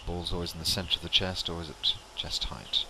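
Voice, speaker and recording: A man leading a qigong exercise class, calmly cueing each movement and breath step by step. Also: deep voice, a little fast, noisy background. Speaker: qigong instructor. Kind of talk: guided exercise instruction.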